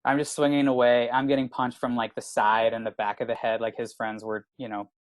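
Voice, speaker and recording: A man's voice: mid-range voice, a little fast, no room sound, low-quality recording. A man in his thirties from Canada, a comedian telling a rowdy story in casual podcast chat, swearing and saying "like" constantly. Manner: animated, swearing, lots of filler "like". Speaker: comedian guest.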